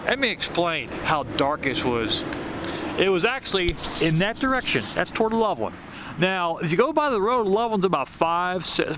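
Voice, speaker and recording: A channel host in his fifties from southwest Ohio casually recalls a childhood storm in a spoken memoir, rambling with many restarts and repeated words. His voice is a little high, pushed and bright, with slight background noise.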